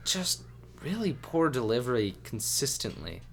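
A man guesting on a podcast in casual chat, criticizing in an animated, exasperated way. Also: mid-range voice, measured pace, gravelly.

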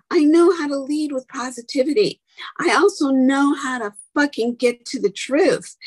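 A woman's voice: a little high, husky, dry recording, low-quality recording. A woman telling her own story in a candid, angry, blunt and profane monologue, with whispered asides.

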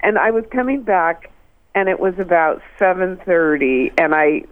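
A woman's voice: on the low side, lively intonation, moderate pace, no echo. Sixty-year-old woman on a phone line. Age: 60s. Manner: laughs often while telling a story. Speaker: phone-in guest. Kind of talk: casual storytelling. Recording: slightly dull phone line.

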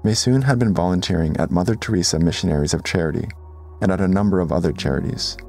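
A man narrates a documentary story in a calm, measured scripted read. His voice sits very low with a gravelly edge, and faint music plays underneath.

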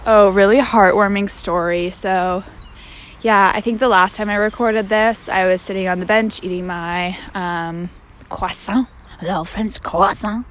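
A woman's voice: mid-range voice, steady tone, measured pace. A young woman from Canada, rambling through a casual vlog update full of fillers and slangy asides. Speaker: vlogger. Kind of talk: casual chat.

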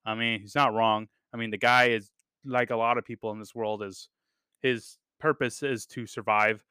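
Bright, clear-voiced man chatting casually. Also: fairly low pitch, level tone, normal speed, no room sound, studio quality. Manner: rambling, enthusiastic, many fillers and casual swearing. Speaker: podcast host reviewing a TV series. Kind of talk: casual chat.

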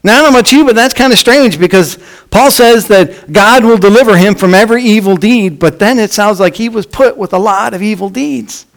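Man, pastor, sermon, fairly high voice, animated delivery, emphatic scripture reading. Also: a little fast, creaky. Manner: animated preaching, swinging from emphatic to hushed; reads scripture aloud with emphasis.

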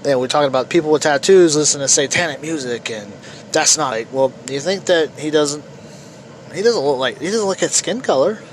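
A man's voice: a little high, lively intonation, brisk, slight background noise, low-quality recording. A man ranting through a solo podcast monologue, repetitive and swearing freely, his voice slightly worn. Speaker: podcast host.

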